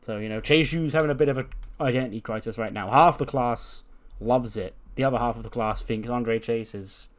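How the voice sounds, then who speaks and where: A man's voice: mid-range voice, a little fast. A man casually narrating a wrestling sim game in a rambling, amused way. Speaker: game streamer.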